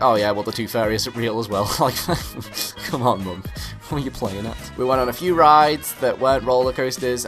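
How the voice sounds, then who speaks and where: A young man with a British accent telling a comic story to camera, animated and exaggerated, swearing freely. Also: fairly low pitch. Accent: British English. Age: young adult. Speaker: vlogger.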